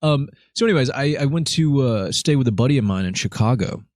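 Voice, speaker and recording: A man's voice: medium pitch, a little fast, no room sound, clean studio sound. A young man from Alabama with a slight Southern twang, hosting a casual chat and telling stories animatedly, slipping into voices. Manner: animated storyteller who acts out voices. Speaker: podcast host.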